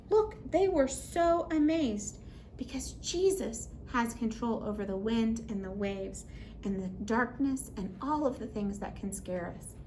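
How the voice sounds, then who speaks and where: A woman children's ministry teacher telling a Bible story to toddlers in an animated, sing-song way. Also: high-pitched, slight background noise. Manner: animated, sing-song, playful sound effects.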